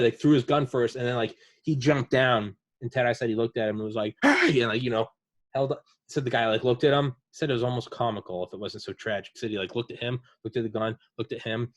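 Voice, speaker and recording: A man's voice: mid-range voice, dry recording. A man hosting a casual podcast chat, retelling veterans' war stories in a rambling way with lots of fillers. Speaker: podcast host.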